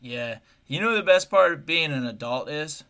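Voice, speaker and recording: Brief: podcast host, man, slightly high and very animated, crude joker who laughs a lot. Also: moderate pace, gravelly. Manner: crude, profane joking and frequent laughter. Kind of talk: casual comedic chat.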